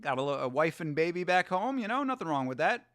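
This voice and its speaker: A man in his thirties hosting a casual watch-along, excitable, slangy and laughing often. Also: on the high side, fairly quick. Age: 30s. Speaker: host.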